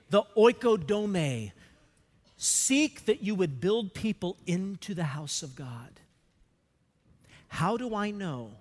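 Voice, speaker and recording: A man's voice: very high-pitched, fairly bright tone, long reverb tail. A male pastor preaching a sermon, emphatic, asking the congregation questions and having them call out the missing words.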